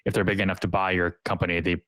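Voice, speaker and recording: A man's voice: low-pitched, little pitch movement, rapid-fire, fairly bright tone, no echo. A man hosting a podcast, chatting casually with fillers and restarts. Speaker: podcast host. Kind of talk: casual conversational interview.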